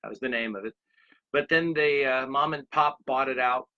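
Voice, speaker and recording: A man's voice: medium pitch, moderate pace, pushed and bright. A man in his sixties giving a motivational talk, rambling through anecdotes and speaking straight to his listeners. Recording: dull lo-fi recording.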